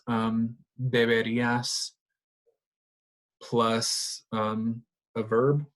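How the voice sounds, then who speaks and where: Male teacher, unhurried monotone delivery, filler-heavy explanations. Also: mid-range voice. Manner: relaxed, explanatory, many fillers. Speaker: Spanish teacher. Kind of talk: recorded grammar lesson.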